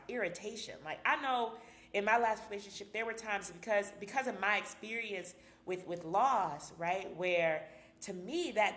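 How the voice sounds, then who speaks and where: A woman's voice: mid-range voice, a bit bright, echoey room. A woman psychologist hosting a live stream, talking candidly and casually to viewers with slang and frequent laughs. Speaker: psychologist host.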